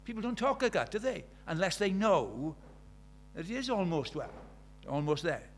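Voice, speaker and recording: Preacher, conversational, slightly high voice. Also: male voice, big pitch swings, moderate pace, a little hiss or hum. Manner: conversational, with rhetorical questions. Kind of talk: sermon.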